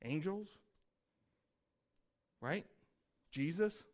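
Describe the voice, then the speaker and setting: A man's voice: fairly high pitch, very animated, a little slow, gravelly, pauses often, fairly bright tone. A man preaching a sermon, explaining scripture in a conversational way with frequent rhetorical questions and reading verses aloud with emphasis. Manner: conversational Bible teaching with asides and rhetorical questions. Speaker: pastor.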